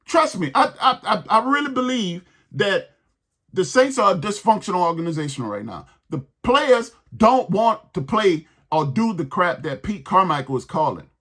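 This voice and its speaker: A man rants about his team with heated exasperation, hammering the same lines again and again. His voice sits high and swings widely in pitch. It has a bright, husky edge. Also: big pitch swings, moderate pace. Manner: heated, exasperated ranting with repeated phrases. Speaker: sports podcast host. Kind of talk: ranting sports commentary.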